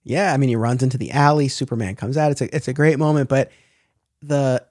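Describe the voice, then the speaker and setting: A man's voice: medium pitch, brisk, dry recording, clean studio sound. Enthusiastic man in podcast chat. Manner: enthusiastic, animated retelling. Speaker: podcast co-host. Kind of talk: casual chat.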